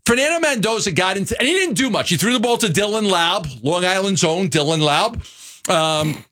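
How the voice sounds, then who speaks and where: A man with a New York accent co-hosting a sports radio show, talking casually in an animated, halting way with many restarts. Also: high-pitched.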